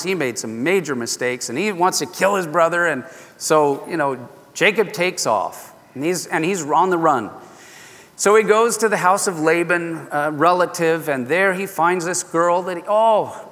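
Animated, folksy preacher in a hall. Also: male voice, fairly high pitch, unhurried. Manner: animated, folksy, self-interrupting. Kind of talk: sermon storytelling. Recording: long echo of a large hall.

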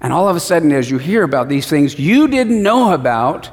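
A man's voice: fairly high pitch, lively intonation, a little fast. A man preaching a sermon, asking the congregation questions and acting out short exchanges. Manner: asks the congregation questions, acts out short dialogues. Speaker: pastor. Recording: long hall reverb.

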